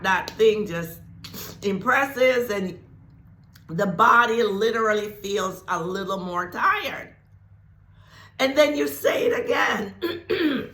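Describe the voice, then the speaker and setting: A woman teaching about spirituality, drawing her words out slowly and repeating them for weight. Her voice is bright and forward, and it carries a noticeable echo from the room. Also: a little high. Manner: deliberate, repeats phrases for emphasis, laughs often. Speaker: spiritual teacher and channel host. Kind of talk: slow, emphatic spiritual talk to camera. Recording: echoey room.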